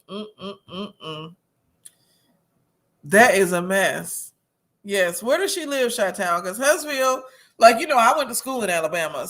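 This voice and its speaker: A woman's voice: medium pitch, a bit bright. A woman hosting a casual livestream, chatting and gossiping as she reads viewer comments, a little tipsy and laughing often. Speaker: host of a reality-TV review livestream.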